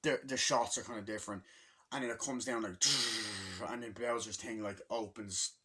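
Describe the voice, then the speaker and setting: Bright-voiced man rambling through a movie recap. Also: lowish voice, fairly even intonation, normal speed. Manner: rambling, profane scene-by-scene retelling. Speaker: movie reviewer. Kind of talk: casual vlog movie recap.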